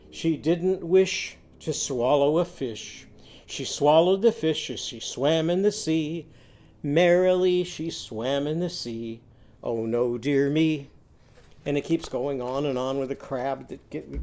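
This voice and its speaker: A man's voice: medium pitch, mellow. A man teaching a children's literacy lesson, singing simple chants and leading the class in call-and-response.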